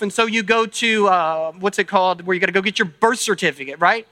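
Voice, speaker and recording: A male pastor delivers a sermon at a church service in a very high, sharp and forceful voice. He speaks conversationally, thinking aloud and checking in with the congregation through little tag questions. The sound is dry, with no room echo. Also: fast talker, few pauses.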